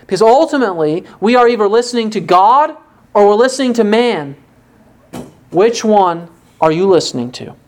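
A woman with a medium-pitched, animated voice preaches an expository sermon. She asks her listeners rhetorical questions and pauses for emphasis.

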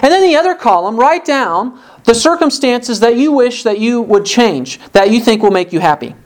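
An earnest preacher delivers a sermon, pressing the listeners with one rhetorical question after another. The voice sits at a middle pitch and keeps a steady, urging tone. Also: moderate pace. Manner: acts out complaining voices in quotes.

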